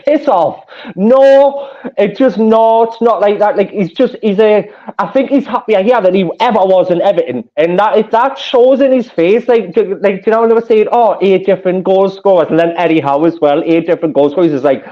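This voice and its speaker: A man with a Geordie accent, a football fan gushing excitedly in a casual chat, laughing often. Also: high voice, moderate pace. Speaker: fan panelist. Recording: muffled lo-fi audio.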